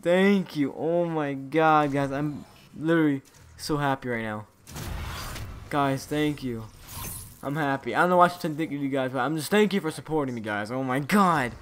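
Bright-voiced male gamer chatting to viewers. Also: mid-range voice, normal speed. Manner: chatty, restless, talks to viewers as "guys". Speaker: gaming channel host. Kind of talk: casual gaming commentary.

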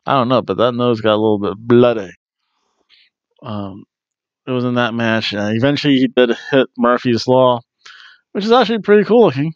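A man's voice: medium pitch, expressive, normal speed, pauses often, dry recording, highs cut off. A man hosting a wrestling review, chatting casually in a jokey way with frequent ums. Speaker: wrestling review podcast host.

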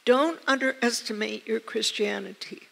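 A woman preacher telling a personal story to her congregation in an earnest way, with soft laughs along the way. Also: fairly high pitch, normal speed, vocal fry. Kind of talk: sermon. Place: church hall. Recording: church hall reverb.

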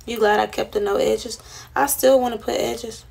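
A woman's voice: a little high, steady tone, normal speed, vocal fry, a little mellow. A young woman chatting casually on a livestream, telling a rambling, slangy, profane story to her viewers.

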